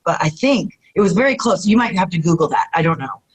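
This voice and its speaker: Animated woman telling stories. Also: lowish voice, fast, husky, rough recording. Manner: animated, acts out quotes, many fillers like "you know what I mean". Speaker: retired pro wrestler guest. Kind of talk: casual interview storytelling.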